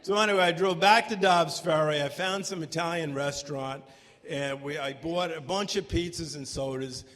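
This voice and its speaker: A man telling a true story live on stage, animated and breaking into shouts at the tense moments. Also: a little high, normal speed. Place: stage before a live audience. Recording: long hall reverb from a live venue.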